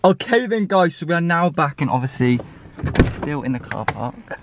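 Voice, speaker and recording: A man's voice: on the high side, sing-song, moderate pace, loud music behind the voice. A young man vlogging casually from his car, chatty and swearing freely as he talks to his viewers. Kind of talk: casual vlog while driving. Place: inside a car. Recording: clear car and road noise. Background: car and road noise.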